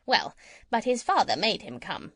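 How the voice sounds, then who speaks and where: A woman's voice: mid-range voice, normal speed, slightly rough, dry recording, studio quality, full character voice. A woman reading an audiobook and voicing a chatty, gossipy female parrot. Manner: lively, chattering storytelling. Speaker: audiobook reader. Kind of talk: children's audiobook character reading.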